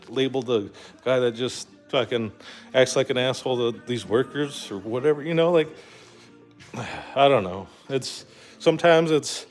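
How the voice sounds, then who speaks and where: A man's voice: mid-range voice, darkish tone. A young man talking in a casual rambling monologue, full of fillers, restarts and swearing. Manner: rambling, profane, lots of fillers. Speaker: vlogger.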